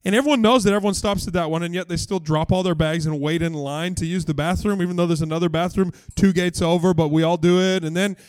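A man's voice: high voice, quick pace, hardly any pauses, clean tone, dry recording. A male pastor preaching a casual, joking sermon, acting out voices as he tells stories. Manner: animated, joking, acts out quoted voices. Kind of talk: conversational sermon.

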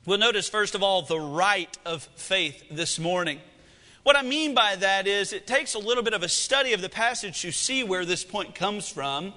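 A pastor delivers an animated sermon, swinging between loud excitement and quiet, drawn-out emphasis. His voice sits very high and sounds sharp and bright, with lively ups and downs in pitch. A long reverb trails his words, as in a large hall.

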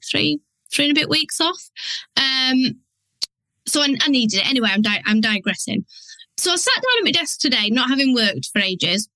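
A woman talking candidly on her podcast, chatty and frank. Her voice is bright and slightly high, recorded close and dry. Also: no room sound, poor audio. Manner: chatty and frank, with frequent restarts and mild swearing. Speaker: podcast host and business coach. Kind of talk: candid solo monologue.

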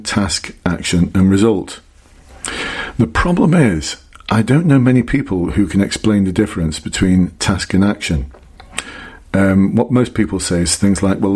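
A man's voice: deep voice, a little mellow, slightly rough. A middle-aged man giving emphatic, repetitive advice as an interview coach. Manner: emphatic, repeats key points. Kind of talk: instructional talk to camera.

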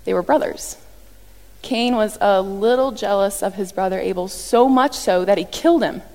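A woman preaching a sermon in a lively, conversational way, often acting out what people said. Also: medium pitch, normal speed. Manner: animated, conversational, acts out quotes. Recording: long reverb from a large hall.

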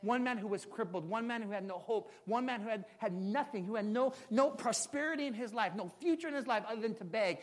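Impassioned preacher man in his forties. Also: high-pitched. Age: 40s. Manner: storytelling, building to impassioned emphasis. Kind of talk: sermon.

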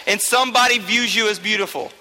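A man's voice: sits high, fast, bright, forceful tone. A young man, talking to a youth group in a joking, chatty way and often checking in with "okay?". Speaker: youth teacher. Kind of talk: informal talk to a youth group. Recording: long reverb of a large hall.

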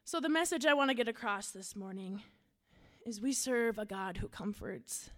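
A woman's voice: on the high side, moderate pace, a bit bright. A woman youth pastor from Minnesota giving an earnest, casual sermon with personal storytelling.

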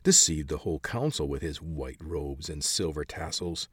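A man voicing a bitter, secretive old man who hides in caverns, calm one moment and snappish the next. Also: very deep voice, normal speed, breathy edge, clean studio sound, heavily acted. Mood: bitter, irritated. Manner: calm but snappish, hacking cough. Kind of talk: audiobook character voice.

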